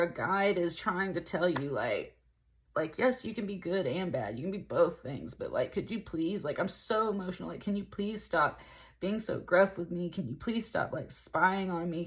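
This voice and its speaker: A woman giving a casual tarot reading, rambling and talking loosely with lots of "like" and the odd laugh. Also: on the low side. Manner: rambling, heavy use of "like", with laughs. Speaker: tarot reader.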